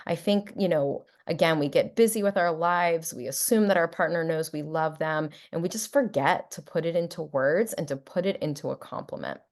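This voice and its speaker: A middle-aged woman psychologist giving a talk, playful and warm, often acting out example phrases in a lighter voice. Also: low-pitched, normal speed, hardly any pauses. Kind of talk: presentation to an audience.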